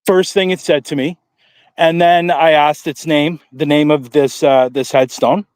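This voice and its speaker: A man's voice: on the high side, steady tone, measured pace, smooth, no echo. A man on a live paranormal stream, talking from a cemetery at night with many ums, restarts and dry sarcasm. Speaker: paranormal investigator. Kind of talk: casual live-stream chat.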